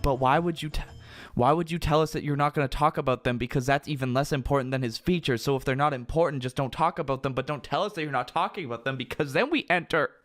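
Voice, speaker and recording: A man's voice: medium pitch, fast, soft background music. A man reading a fan fiction about himself aloud, stopping often to mock it with sarcastic asides. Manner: sarcastic, animated. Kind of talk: dramatic reading with sarcastic commentary.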